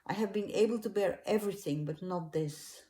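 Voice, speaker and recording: A woman's voice: mid-range voice, normal speed, mellow, echoey room, lightly acted. A woman voicing an anguished grown man who pleads and prays in agony, raising her voice above her own. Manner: pleading, sobbing-edged outbursts.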